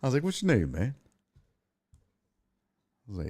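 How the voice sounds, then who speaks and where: A man's voice: medium pitch, normal speed. A middle-aged man hosting a sports talk show, telling a story in a casual, rambling way, cursing and exasperated. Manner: profane, exasperated, animated.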